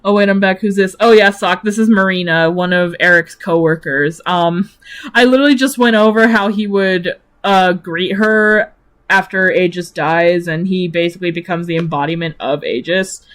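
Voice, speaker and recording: A woman's voice: fairly low pitch, normal speed, fairly bright tone. A woman streamer chatting casually about her own characters, rambling with lots of fillers and giggling often.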